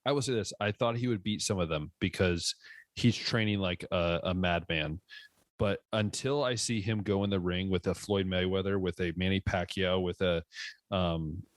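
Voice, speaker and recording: A man's voice: low-pitched, normal speed, no echo. A man co-hosting a sports podcast in casual chat, frank and opinionated, often cutting in with his own takes.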